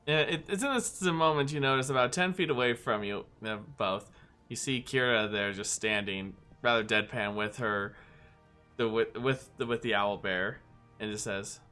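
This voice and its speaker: A man's voice: medium pitch, moderate pace, pushed and bright, smooth, faint music behind. A man running a tabletop game as game master, narrating casually with many restarts.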